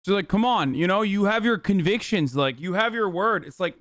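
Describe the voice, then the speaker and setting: Profane, incredulous man with a high, dry voice. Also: lively intonation, a little fast, hardly any pauses, a bit bright, no room sound. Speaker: streamer reacting to a video. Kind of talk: casual reaction commentary.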